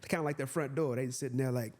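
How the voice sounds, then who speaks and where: A man's voice: mid-range voice, fairly even intonation, very fast, darkish tone. A man hosting a podcast who reads scripture aloud and explains it in a conversational way, laughing often. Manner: conversational, laughs often, frequent "you know what I mean". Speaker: podcast host.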